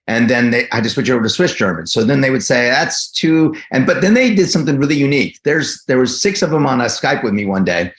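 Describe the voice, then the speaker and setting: A man's voice: medium pitch, sing-song, fast talker, hardly any pauses, a bit bright. A middle-aged man from New Jersey with a New Jersey accent, an actor guest telling stories with enthusiasm and frequent restarts. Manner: enthusiastic storyteller, many restarts. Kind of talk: casual interview answers.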